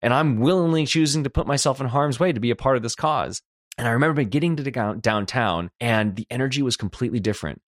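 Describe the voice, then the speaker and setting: Young guy podcasting, earnest and reflective, dry close sound, mid-pitched voice. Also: quick pace, no room sound. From Los Angeles. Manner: earnest, reflective, voices quoted people himself. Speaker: podcast host. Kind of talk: personal storytelling monologue.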